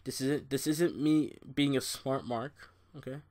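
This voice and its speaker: A man's voice: fairly even intonation, a little slow. Profane, exasperated young man ranting. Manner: profane, exasperated, swings from loud outbursts to low muttering. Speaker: wrestling show reviewer. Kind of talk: ranting show review.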